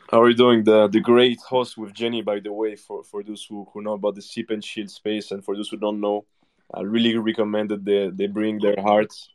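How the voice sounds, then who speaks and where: A man's voice: fairly low pitch, darkish tone. A man hosting an online audio room, welcoming speakers on stage in a friendly way. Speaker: host.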